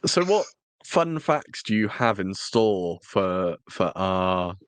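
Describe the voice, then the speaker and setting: Slow, low-voiced male podcast co-host. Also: very animated, smooth, no room sound. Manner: chatty, jokey, with frequent restarts. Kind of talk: casual chat.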